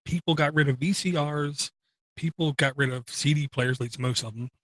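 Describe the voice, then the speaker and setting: A man's voice: on the high side, moderate pace, a bit bright, no room sound. An older man co-hosting a casual tech podcast, talking in a blunt, opinionated and grumpy way. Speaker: podcast co-host.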